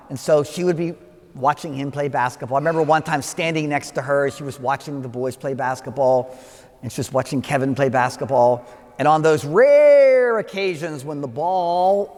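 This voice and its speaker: An older man giving a wedding homily as a priest, telling a story with asides and gentle humor. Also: fairly high pitch. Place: church. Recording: long church reverb.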